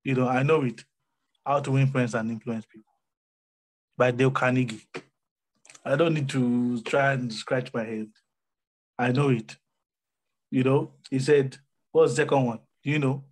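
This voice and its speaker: A man's voice: medium pitch, fairly even intonation, a little slow, pauses often, poor audio. A man from Africa co-hosting a podcast, telling stories with emphatic repetition in a casual motivational chat. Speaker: podcast co-host.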